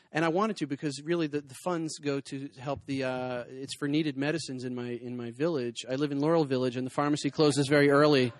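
Man, stand-up comedian, rapid patter, dry close sound, rambling crowd work, self-deprecating. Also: medium pitch, dry recording. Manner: rambling, self-deprecating, quick asides to the audience. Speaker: comedian and cartoonist. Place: small hot venue with a spotlight.

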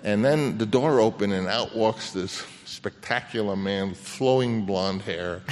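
An older man, a film director, telling an anecdote on stage in a halting way with many restarts, acting out the voices he quotes. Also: on the low side. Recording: long reverb of a hall.

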